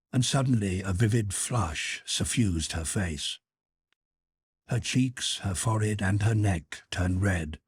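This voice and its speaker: A man reads a classic novel aloud as a measured, expressive audiobook narrator. His voice is low and very husky, with a lively, wide-ranging pitch. The sound is close and dry. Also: no room sound.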